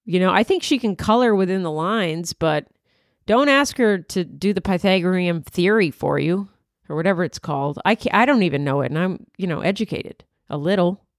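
A woman's voice: lowish voice, animated, moderate pace, no echo, clean studio sound. A woman comedian hosting her podcast, rambling through a crude, self-mocking comedic monologue. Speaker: comedian host.

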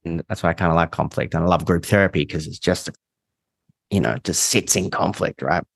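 A man with a fairly low voice speaks as a therapist guest in a relaxed podcast chat. He talks candidly, swears casually and has a dry, sarcastic edge. The sound is close and dry, with no room in it. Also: brisk, gravelly, slightly rough, no room sound.

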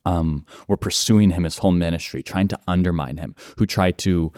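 A man's voice: low voice, normal speed, darkish tone, dry recording, clean studio sound. A man co-hosting a casual faith discussion, talking earnestly with frequent "like" and "right?". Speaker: podcast co-host.

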